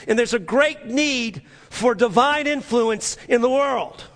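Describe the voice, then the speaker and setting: Pastor guy preaching, high voice, keeps restarting and repeating himself, church reverb. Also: takes it slowly. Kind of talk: sermon.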